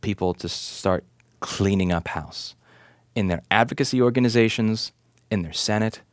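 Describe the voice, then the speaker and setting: A man in his thirties, both repair shop owner and advocate, speaks at normal speed in a lowish voice, delivering an impassioned, indignant commentary rant to camera. He relies on rhetorical questions, swearing for emphasis, and hammering repetition. The recording is dry and studio quality.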